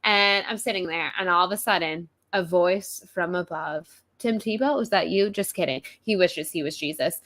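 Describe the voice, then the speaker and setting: Woman with a bright, animated storytelling voice. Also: fairly low pitch, normal speed, hardly any pauses. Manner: animated, profane, self-mocking storyteller. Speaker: podcast co-host. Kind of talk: casual storytelling chat.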